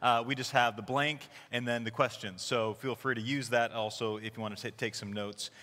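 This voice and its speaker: A man in his thirties preaching a casual, conversational sermon as the church's pastor, telling stories with animated quoted voices. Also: mid-range voice, moderate pace. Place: church sanctuary. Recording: long hall reverb.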